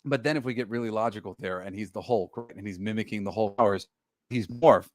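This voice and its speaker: A man co-hosting a geek podcast in casual chat, animated and swearing, acting out quotes as he talks. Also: lowish voice, fast talker, no room sound, clean studio sound. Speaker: podcast co-host.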